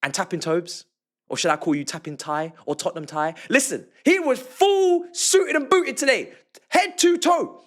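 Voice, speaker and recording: A young man hosting an excited post-match football reaction vlog, talking emphatically with slangy banter and repeated phrases. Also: extremely high pitch, normal speed. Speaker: football fan reaction host.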